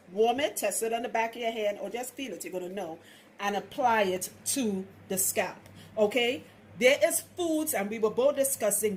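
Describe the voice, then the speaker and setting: A woman's voice: mid-range voice, a little hiss or hum. A woman from Trinidad, a loctician, giving frank, chatty hair-care advice in a casual how-to vlog. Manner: chatty, frank, laughs often.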